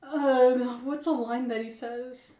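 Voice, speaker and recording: A woman's voice: high-pitched, steady tone, slow pace, mellow. A woman co-hosting a podcast in casual chat, laughing often and trailing off into filler words. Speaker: podcast co-host. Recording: echoey room with faint noise.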